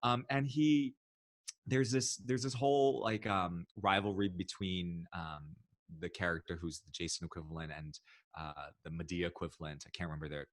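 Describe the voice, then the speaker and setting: A man as a podcast guest, telling personal stories in an animated, expressive way. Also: sits low, no echo, studio quality. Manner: animated, expressive, acts out quoted voices. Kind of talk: casual storytelling interview.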